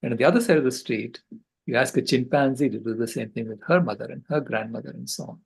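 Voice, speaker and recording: An older man on a video call, giving a passionate, earnest storytelling talk with halting restarts. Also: mid-range voice, vocal fry, husky, low-quality recording. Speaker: conference speaker.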